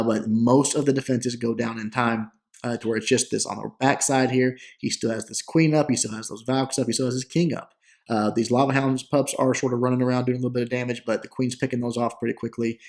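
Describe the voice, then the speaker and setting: A young man talks through gameplay footage in a relaxed, rambling way, often pausing on "uh" and restarting his sentences. His voice sits at a middling pitch with a gravelly edge. It sounds like a casual voice-over recorded at a desk mic. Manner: relaxed, chatty, frequent "uh" and restarts. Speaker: gaming channel host.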